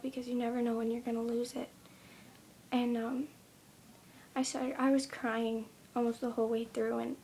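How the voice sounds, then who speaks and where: Teen girl vlogging, soft whispery storytelling, lots of ums, a bit of vocal fry. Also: on the high side, a little hiss or hum. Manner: soft, often whispery retelling with many ums. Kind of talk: casual storytelling vlog.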